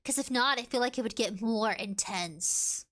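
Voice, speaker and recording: A woman's voice: a little high, moderate pace, noisy background. A woman chatting casually on a live stream, reading viewer comments aloud and giggling often in a playful way.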